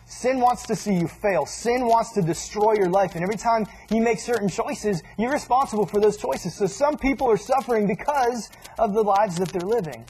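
A man preaching a sermon in a casual, animated way, acting out little asides as he teaches. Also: high voice, normal speed, few pauses, a little hiss or hum, poor audio.

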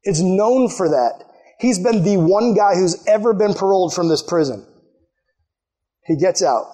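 High-voiced guy preaching to a youth group, super casual and slangy, jumps into characters as he tells a story. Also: a little slow. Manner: animated storytelling, acting out characters with sudden high-pitched quotes; casual, slangy, addresses the audience directly. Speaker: youth pastor.

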